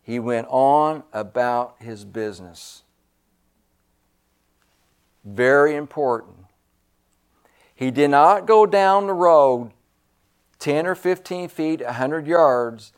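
A man preaching a sermon in a slightly raised voice. He talks slowly and pushes hard on key words. He repeats phrases for effect and drops from loud emphasis into hushed asides. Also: fairly high pitch, clear, resonant tone.

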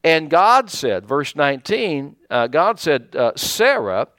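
Animated pastor with a lively voice. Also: male voice, fairly high pitch, takes it slowly, no room sound, studio quality. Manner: folksy, animated preaching with many fillers and restarts. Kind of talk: sermon.

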